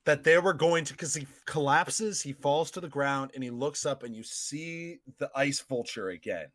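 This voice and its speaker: A man hosting a casual podcast chat, excitable and quick to laugh. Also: medium pitch. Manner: excitable, laughs often, shouts quoted lines. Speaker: podcast host.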